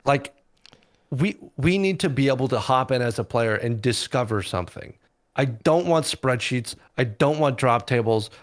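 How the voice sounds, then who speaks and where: A man's voice: medium pitch, animated, normal speed. A man guesting on a casual podcast, blunt and sarcastic, swearing freely.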